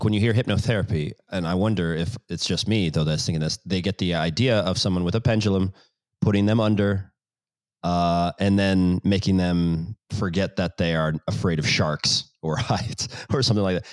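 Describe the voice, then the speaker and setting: Low-voiced man asking rambling questions. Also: no echo, clean studio sound. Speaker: podcast host. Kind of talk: conversational interview.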